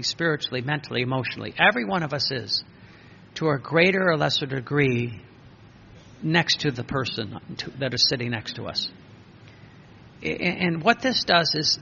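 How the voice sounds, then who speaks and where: Gravelly, bright-voiced man preaching. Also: a little high. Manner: repetitive, emphatic preaching with listed words. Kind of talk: sermon. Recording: dull lo-fi recording with faint noise.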